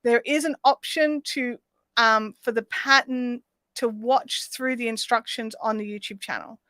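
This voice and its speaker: A woman's voice: fairly high pitch, steady tone, measured pace, a bit bright, no echo, studio quality. A woman hosting a casual live stream, rambling with lots of ums while answering chat comments. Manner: rambling with frequent ums and restarts. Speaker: livestream host.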